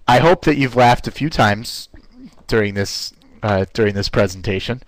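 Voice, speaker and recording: A man teaching a live online class in an upbeat, conversational way, often pausing with "uh" fillers. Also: dry recording, poor audio. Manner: playfully shifts pitch to demonstrate voice technique. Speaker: webinar presenter.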